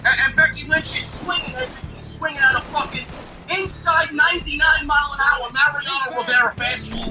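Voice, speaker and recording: In a very high-pitched voice at a fairly quick pace, a man rants profanely and sarcastically about wrestling, clearly exasperated. The rough recording leaves him off-mic against background music.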